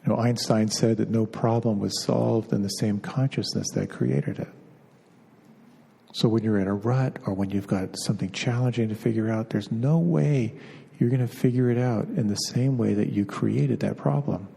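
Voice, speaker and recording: A middle-aged man, a meditation teacher, giving an unhurried spiritual talk, pausing and repeating words as he goes. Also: lowish voice, creaky, dark tone, breathy edge. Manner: unhurried, halting, often repeats words as he searches. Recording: long reverb of a hall.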